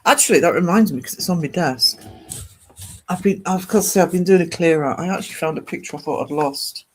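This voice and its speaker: A man's voice: a little high, brisk. A man, hosting a casual art livestream and chatting rambly with viewers.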